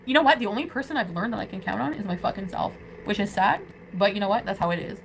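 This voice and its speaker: A woman's voice: medium pitch, animated, quick pace, gravelly, a little hiss or hum, poor audio. A drunk woman vlogger rambling emotionally and profanely during a late-night live stream.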